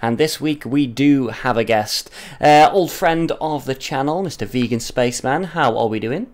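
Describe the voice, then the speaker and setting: A man's voice: mid-range voice, moderate pace, darkish tone. A man co-hosting a gaming podcast with his brother, chatting in rambling, teasing banter. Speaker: podcast co-host. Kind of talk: casual chat.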